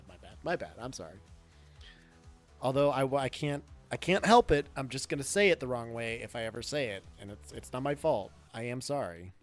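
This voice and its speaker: The Midwestern gaming streamer keeps up casual banter with viewers, chuckling, cracking jokes and answering chat. He sounds animated in a mid-range voice, talking a little fast, with faint music behind him.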